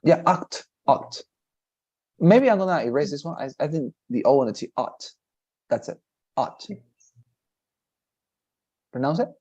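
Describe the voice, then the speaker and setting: A man's voice: fairly high pitch, big pitch swings, quick pace, few pauses, warm tone, lo-fi sound. A man teaching English in a one-on-one lesson, encouraging and patient, often repeating praise.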